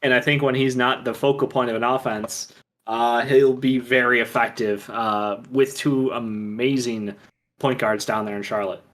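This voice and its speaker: A man's voice: medium pitch, fairly even intonation, normal speed, a bit bright. Male co-host, casual sports talk, enthusiastic and rambling.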